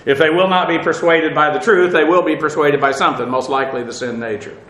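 Man spelling out Greek, bright, echoey. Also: on the high side, steady tone, fast talker. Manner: methodical, spells out Greek words letter by letter; frequent "uh" fillers and restarts. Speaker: Bible teacher. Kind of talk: verse-by-verse Bible teaching.

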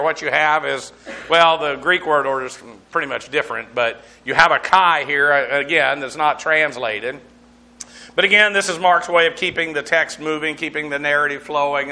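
Speaking at a normal speed, a man with a bright, somewhat high voice for a man leads a conversational Bible lesson verse by verse. Along the way he explains Greek terms, spells them letter by letter, and uses plenty of fillers.

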